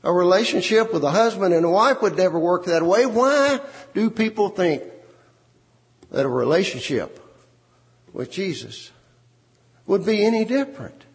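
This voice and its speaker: Man preaching, fairly high voice, repeats phrases for emphasis, long hall echo. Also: very animated, normal speed, pauses often. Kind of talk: sermon.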